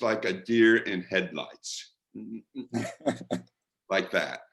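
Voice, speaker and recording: A middle-aged man, a radio interviewer, telling lively anecdotes in a casual panel talk and mimicking the people he quotes. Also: on the low side, slow pace, low-quality recording.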